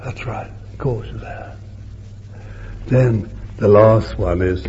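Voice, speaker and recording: An older man preaching a sermon, swinging between loud emphatic bursts and soft hushed asides, on a muffled old recording with faint hiss. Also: fairly low pitch, takes it slowly, long pauses.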